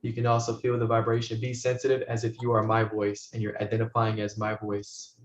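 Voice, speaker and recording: A low-voiced man leads a guided meditation, speaking softly and slowly and repeating his phrases, often dropping almost to a murmur. His pitch stays fairly flat. The recording sounds roomy and a little dull. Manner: soft-spoken, slow, repetitive guidance, often dropping to a hush. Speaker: spiritual teacher.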